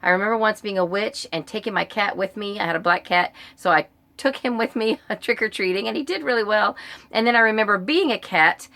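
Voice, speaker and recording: A woman's voice: medium pitch, a little fast, pushed and bright. A middle-aged American woman casually answering a list of questions in her book vlog, chatty and rambling with frequent ums and uhs. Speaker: book vlogger.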